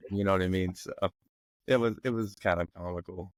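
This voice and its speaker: A man's voice: sits low, fairly even intonation, a little fast, dry recording. A man in his forties from the McKeesport area in Pennsylvania, a guest on a podcast, talking casually and rambling with many "you know what I mean" fillers. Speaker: podcast guest, former football player.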